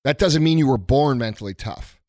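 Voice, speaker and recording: A man's voice: mid-range voice, expressive, brisk, darkish tone, no room sound, studio quality. A man from the United States delivering a blunt, profane motivational rant about tough leadership. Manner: blunt, aggressive, heavy swearing. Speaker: motivational speaker.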